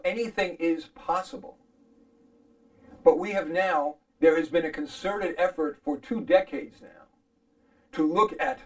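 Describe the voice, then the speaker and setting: A man's voice: on the high side, low-quality recording. A man arguing his side in a formal debate, emphatic and pointed in his rebuttal.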